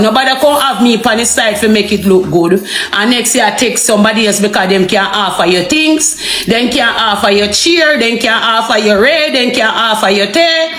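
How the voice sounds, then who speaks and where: A woman's voice: a little high, fairly bright tone. Heated Jamaican woman ranting on a livestream. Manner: heated, repetitive, rhetorical questions. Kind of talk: livestream rant to viewers. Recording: echoey room, faint music.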